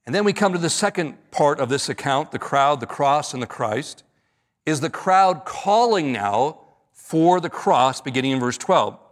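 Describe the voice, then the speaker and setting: A man's voice: on the high side, expressive, normal speed. A man preaching an earnest expository sermon, stretching key words for emphasis. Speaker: pastor.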